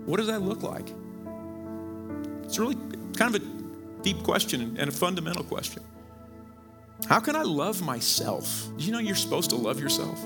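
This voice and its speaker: A middle-aged male pastor from Missouri preaching a sermon in a conversational way, repeating words and jumping up in pitch to stress his points. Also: gravelly. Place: church sanctuary.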